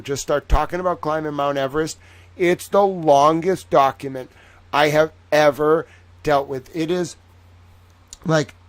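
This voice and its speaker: A tired young man hosting a late-night live stream, rambling playfully and chatting with viewers by name. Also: on the high side.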